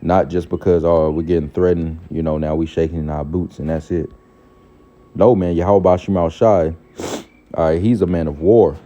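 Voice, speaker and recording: A man's voice: sits low, steady tone, dark tone, highs cut off. A man giving an informal scripture teaching, looking up verses as he goes and tagging lines with "all right" and "man". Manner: casual, repeats "all right" and "man", pauses to look up verses. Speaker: preacher.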